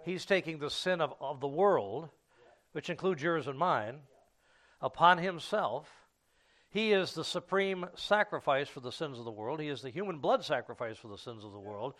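Male preacher, slightly higher-pitched, leading an unhurried Bible study sermon full of "uh"s and restarts. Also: animated, fairly bright tone. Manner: unhurried Bible teaching with frequent fillers and restarts.

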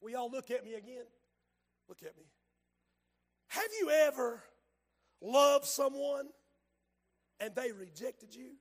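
Male preacher, raspy fry, fiery hushed-to-shouting sermon. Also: very high-pitched, slow pace, long pauses. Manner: fervent, dramatic preaching that swings from hushed to shouted.

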